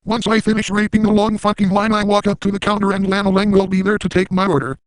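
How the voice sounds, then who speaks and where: A man's voice: sits high, flat delivery, fast, no echo, close to an everyday voice, low-quality recording. A man voicing a crude, manic cartoon dad in an absurd parody monologue, ranting and making repeated sound-effect noises.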